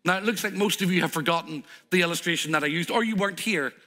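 A man's voice: high voice, fast talker, long reverb tail. A male preacher delivering a sermon in an emphatic way, acting out the stories he tells to make his point. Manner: animated, emphatic, plays out stories. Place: church.

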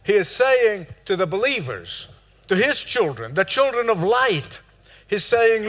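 Older male pastor, high voice, hall echo. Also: sing-song, a little slow, a bit bright. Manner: storytelling sermon with laughs and acted-out quotes. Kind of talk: sermon. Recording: long hall reverb.

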